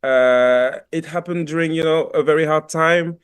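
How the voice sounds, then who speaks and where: A young French-accented man speaking on a video call, his voice sitting a touch high for a man. He gropes for words with plenty of fillers and restarts. The sound is fairly close and plain. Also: fairly even intonation, normal speed, smooth. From France. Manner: thoughtful, many fillers and restarts. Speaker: actor guest. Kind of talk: radio interview over video call.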